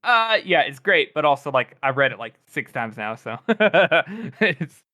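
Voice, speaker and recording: A man's voice: a little high, big pitch swings, measured pace, bright, forceful tone, no room sound. A man co-hosting a casual book podcast, rambling and laughing as he talks. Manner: rambling, laughing, lots of fillers. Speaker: podcast co-host.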